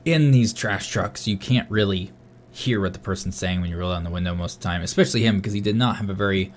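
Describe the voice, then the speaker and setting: A man's voice: sits low, fast talker, a little hiss or hum. A man co-hosting a podcast in casual chat, telling rambling, profane stories. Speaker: podcast co-host.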